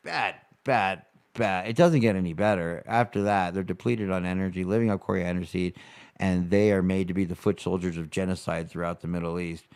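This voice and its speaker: A man doing a rambling, profane stand-up rant, mocking and swinging between loud bursts and quiet asides. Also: deep voice, a little fast, clean tone. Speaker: stand-up comedian.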